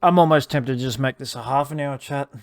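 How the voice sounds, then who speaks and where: A man's voice: medium pitch, brisk, dry recording. A young Australian man co-hosting a casual podcast chat, teasing and joking playfully. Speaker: podcast co-host.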